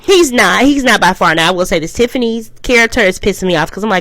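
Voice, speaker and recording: Woman rambling about a tv show, gets emphatic a lot, dry close sound, average pitch. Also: animated, quick pace, hardly any pauses, a bit bright, no echo, rough recording. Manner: chatty, rambling, repeats "I will say this"; emphatic, swings up high for emphasis. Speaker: TV show reviewer. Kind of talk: casual review vlog.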